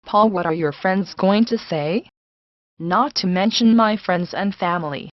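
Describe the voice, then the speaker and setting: A woman voicing a proud, scornful elderly woman with a Southern accent who scolds loudly, in a dull, lo-fi recording. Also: mid-range voice, unhurried, dry recording, close to an everyday voice. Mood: indignant. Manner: indignant, scolding.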